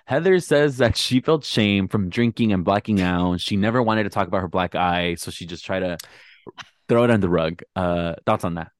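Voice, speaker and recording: A man's voice: sits low, normal speed, dry recording. A young man co-hosting a casual reality TV recap, gossipy and blunt with a sarcastic edge. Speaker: podcast co-host.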